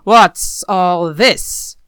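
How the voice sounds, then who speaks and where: A woman's voice: lowish voice, expressive, normal speed, dry recording, close to an everyday voice. Woman voicing an exasperated male mage. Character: adult male mage, frustrated homeowner. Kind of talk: read-aloud dialogue.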